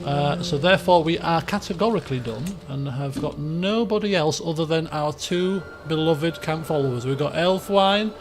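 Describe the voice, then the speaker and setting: A man with a fairly high voice narrates a strategy game as a roleplay story. He is chatty and rambling, slips between reading story text and offhand asides, and trips over his words. Faint music runs underneath. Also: normal speed, hardly any pauses. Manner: chatty, rambling, often restarts and chuckles. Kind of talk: casual let's-play roleplay narration.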